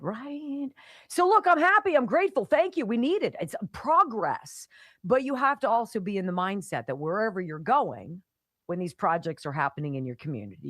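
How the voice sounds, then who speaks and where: A female talk radio host from the Pittsburgh area, speaking in a lively voice that swings up and down and laces her monologue with sarcasm. The sound is dry and close, with no room around it. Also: medium pitch, dry recording. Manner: animated, sarcastic, mocking asides.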